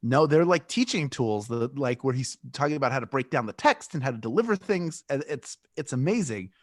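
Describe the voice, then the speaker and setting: A man co-hosts a podcast in casual conversation, rambling, joking, and often cutting himself off mid-sentence. He has a medium-pitched, lively voice and talks fairly quickly, with a dry, clean studio sound.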